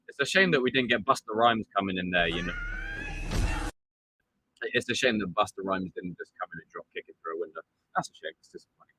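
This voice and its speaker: Lively, excitable male stream host. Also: lowish voice, a little fast. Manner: animated, excitable, acts out quotes. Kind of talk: casual live stream commentary.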